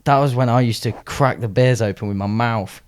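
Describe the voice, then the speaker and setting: A man's voice: mid-range voice, fairly quick, clear, resonant tone. A young man co-hosting a podcast, bantering casually and chiming in with short remarks. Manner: laid-back banter, chimes in with short remarks. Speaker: podcast co-host. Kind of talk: casual chat.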